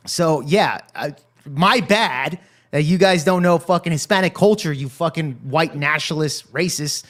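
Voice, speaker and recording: A man's voice: a little high, moderate pace, a bit bright. A man from South Texas hosting a casual reaction stream, joking with chat, swearing and laughing often. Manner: profane, joking, laughs a lot. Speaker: stream host.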